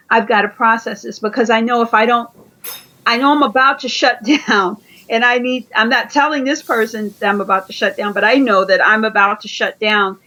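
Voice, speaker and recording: A woman's voice: fairly high pitch, pushed and bright, poor audio. Earnest woman guest giving advice. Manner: earnest, repeats phrases, acts out quoted dialogue. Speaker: interview guest. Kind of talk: conversational coaching advice.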